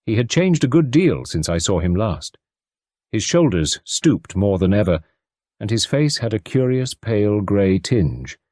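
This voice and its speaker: A man giving steady audiobook narration. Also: lowish voice, unhurried, no echo, studio quality.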